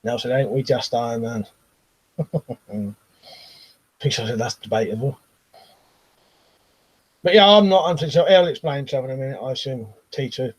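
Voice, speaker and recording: A British man hosting a casual live stream, reading out viewer comments and chatting with a laugh, often trailing off into quiet asides. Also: medium pitch, moderate pace, pauses often, slightly rough, poor audio. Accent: British English. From Britain.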